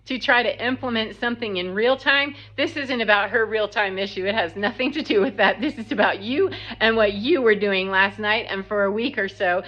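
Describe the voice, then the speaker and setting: A woman telling a story in a casual, blunt, animated monologue that acts out what people said. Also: mid-range voice, normal speed, hardly any pauses. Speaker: spiritual vlogger. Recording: slightly dull lo-fi sound.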